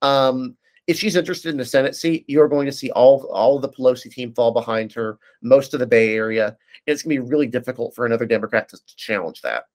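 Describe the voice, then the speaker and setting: A man breaking down political races at a brisk clip, his voice at a middle pitch. He piles on detail and stumbles through restarts and "uh"s as he goes. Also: darkish tone. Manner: fast, detailed, many fillers and restarts. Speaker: political analyst. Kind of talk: casual political discussion.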